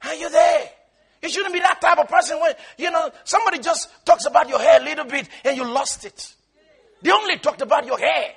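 A gravelly, very high voice belongs to a male pastor preaching with animation. He draws out words slowly to make his points and laughs along the way.

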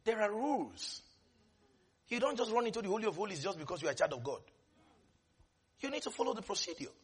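A man preaching a sermon with lots of energy, dropping into soft asides, then rising to shouts, and laughing often as he speaks. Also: sits high, slightly rough. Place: church service.

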